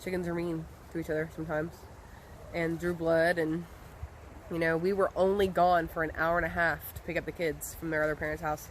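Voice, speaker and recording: A woman's voice: deep voice, flat delivery, fairly quick, a little hiss or hum. A woman, chatting casually and rambling with lots of ums as she talks to camera outdoors by a chicken coop. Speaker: homestead vlogger.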